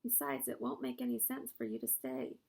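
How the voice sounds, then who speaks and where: Gentle, fading female spider from a storybook, quiet and steady, gravelly texture, read by a woman. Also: a little high, fairly quick, exaggerated voice. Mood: calm. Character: wise, dying female spider, calm and gentle.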